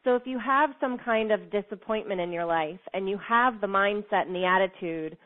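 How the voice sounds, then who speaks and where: A woman's voice: medium pitch, moderate pace. A woman giving an earnest, encouraging motivational talk to her listeners, repeating phrases for emphasis. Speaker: motivational speaker. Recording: tinny phone-like sound.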